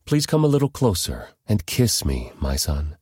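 A man reading the part of an old blind father giving a solemn blessing, measured and grave. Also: sits low, wildly swooping pitch, darkish tone, breathy edge, no echo, clean studio sound, exaggerated voice.

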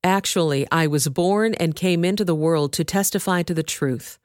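A woman reading the part of a composed man on trial, answering in calm, measured sentences. Her voice sits low and dry, close to the mic, barely changed from her narrating voice. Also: no echo, natural voice. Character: calm male teacher, composed prisoner on trial.

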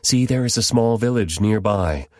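Guy reading a scared man begging, low voice going up, dry. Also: moderate pace, darkish tone, no room sound, lightly acted. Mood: pleading. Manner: pleading, anxious.

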